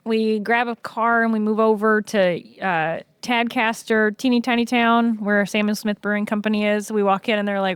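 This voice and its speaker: A woman guest in casual podcast chat, telling lively stories with frequent "um"s. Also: medium pitch, moderate pace, hardly any pauses, clear, resonant tone, dry recording. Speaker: podcast guest, brewery co-owner.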